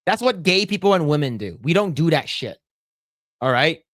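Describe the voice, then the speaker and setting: A man co-hosting a casual podcast, talking bluntly and profanely with lively storytelling. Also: fairly high pitch, normal speed, dry recording, studio quality. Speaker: podcast co-host.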